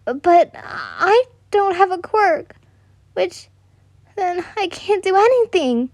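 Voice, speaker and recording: A woman voicing a small excitable girl of about four who talks in a high, eager, pleading voice. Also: moderate pace, no room sound. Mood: tearful.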